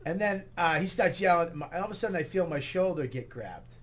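A man spins an animated, profane story as a comedy guest. His voice is bright and forceful and sits a bit high. He throws himself into each quoted line with loud energy. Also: a little fast, a little hiss or hum. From New York area. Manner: swearing, excitable, acts out quotes loudly.

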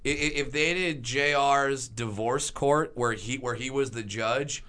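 Bright-voiced stammering excitable man. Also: medium pitch, a little slow. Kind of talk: casual podcast chat.

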